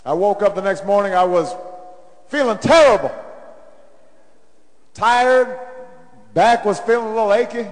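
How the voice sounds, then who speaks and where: A middle-aged man tells a rally story with a striking high-pitched voice that climbs into a chanting call-and-response. His words ring out with a long reverb through a large arena. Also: expressive, a little slow, pauses often. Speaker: presidential candidate. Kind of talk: campaign rally speech.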